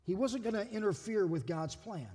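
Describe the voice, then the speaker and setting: A male pastor preaching a sermon in an animated way, acting out quoted voices and often repeating words as he goes. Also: sits high, normal speed, slightly rough, in a large hall.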